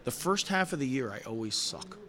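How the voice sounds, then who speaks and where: A man's voice: medium pitch, brisk. Earnest middle-aged man telling a story. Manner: heartfelt, earnest, animated retelling with many restarts. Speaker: guest poker player. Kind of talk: conversational storytelling.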